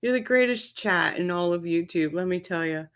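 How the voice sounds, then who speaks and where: A woman's voice: on the low side, normal speed, clean tone. A woman hosting a casual livestream, laughing helplessly and greeting viewers in the chat. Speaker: livestream host.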